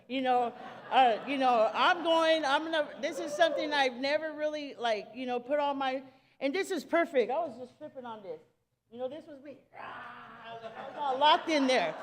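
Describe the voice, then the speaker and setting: A woman stands up at a church service to share her testimony, nervous and halting, restarting her sentences. She talks in casual street slang, and her voice sits a little high. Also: long reverb tail. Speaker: church member giving testimony.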